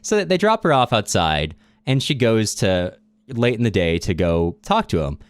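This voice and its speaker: A man's voice: lowish voice, big pitch swings, moderate pace, clear, resonant tone, no echo. A man co-hosting a casual literature podcast, retelling a plot loosely with fillers and chuckles. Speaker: podcast co-host.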